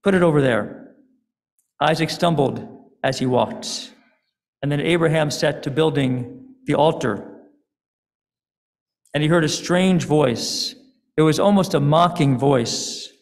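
A man, a rabbi, giving a sermon in a synagogue, telling a story in a deliberate, dramatic way. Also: a little high. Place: synagogue sanctuary. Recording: long hall reverb.

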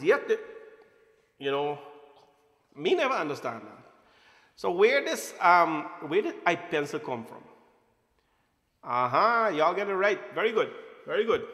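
Very animated and slightly high-pitched, a temple speaker talks at a normal speed with frequent pauses in a fairly bright tone. His satsang talk is playful and informal, regularly quizzing the audience, and the hall has a roomy echo.

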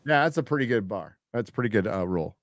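Over a crowd in the background, a man hosts a live stream, chatting casually and reading donations in a crude, joking, rambling way. His lowish voice is expressive and fast.

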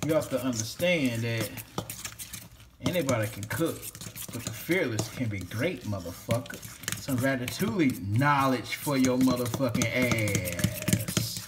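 A man's voice: mid-range voice, sing-song, a little slow, noisy background. A man in a casual cooking vlog, cursing freely and rambling while he talks to a toy. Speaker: home cook vlogger.

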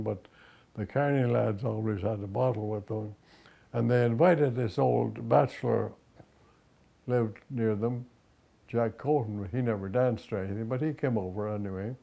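A man's voice: fairly low pitch, gravelly, dark tone. An older man, reciting an old ballad and telling a rambling folk anecdote. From Upper Ottawa Valley, Canada. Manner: folksy, rambling, tag questions. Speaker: storyteller.

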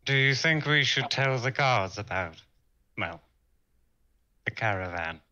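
A man with a bright, forward voice plays a tabletop game. He jokes casually and slips between describing his character's actions and speaking as him. His delivery is loose and conversational. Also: medium pitch, animated, a little slow, highs cut off. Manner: casual, joking, mixes narration and in-character lines. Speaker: player. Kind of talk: tabletop role-play.

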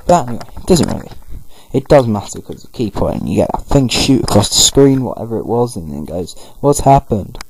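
A man commentating casually over a game, paraphrasing characters in quick throwaway voices. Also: on the low side, sing-song, gravelly, a little mellow, a little hiss or hum, poor audio. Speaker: gameplay commentator. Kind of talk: casual let's-play commentary.

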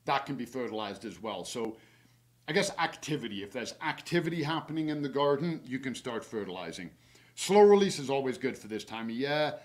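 A horticulturist man talks through spring garden care in a relaxed, easygoing webinar. His voice sits at an ordinary middle pitch. He rambles a little, with plenty of "uh" and "um," and jokes at his own slips. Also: brisk. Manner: chatty and relaxed, many fillers, laughs at himself; gives practical tips from his own yard. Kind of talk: casual instructional webinar.

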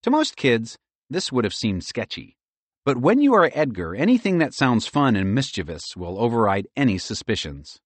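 Lively male audiobook narrator. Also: mid-range voice, normal speed, no echo. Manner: lively, expressive storytelling.

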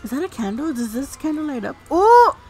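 A young woman hosting a game video, chatting excitedly and gasping at every surprise. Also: sits high, quick pace. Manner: excitable, gasping, easily startled. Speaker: gaming video host. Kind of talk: roleplay gameplay commentary. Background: spooky background music.

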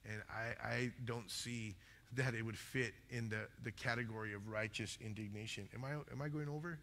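A man preaching a sermon as pastor, talking loudly and passionately, acting out little stories as he goes. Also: on the low side, normal speed, big-room sound, a little hiss or hum. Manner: loud, passionate, animated storytelling. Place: church sanctuary.

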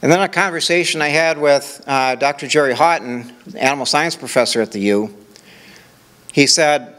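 A man's voice: fairly high pitch, moderate pace, fairly bright tone. Older man giving a conference talk. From Minnesota. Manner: conversational, walks through examples with rhetorical questions and "okay?". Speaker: conference speaker. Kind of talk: conference presentation.

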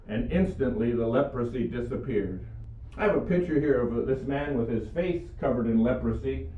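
This older preacher has a warm, medium-pitched voice at normal speed as he gives an earnest video sermon. He recounts Bible stories and his own healing, heard from a distant mic in an echoey room that sounds like a phone.

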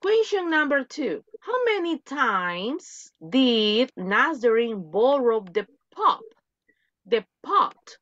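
A woman's voice: on the high side, sing-song, takes it slowly, a bit bright, no room sound, muffled recording. A woman English teacher on a video call, reading a story aloud and drilling pronunciation, switching between English and Spanish. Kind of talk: online English lesson for Spanish speakers.

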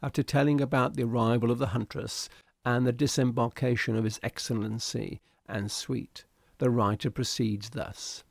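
A man reading a classic short story aloud in a steady, deliberate storytelling manner. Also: mid-range voice, vocal fry, no room sound, studio quality. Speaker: reader. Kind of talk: audiobook narration of a classic story.

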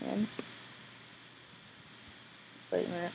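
Excitable young woman narrating gameplay. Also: mid-range voice, takes it slowly, pauses often, slightly rough, poor audio. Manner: excitable, squealing, puts on silly voices. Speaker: gameplay video maker. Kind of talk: casual gameplay commentary.

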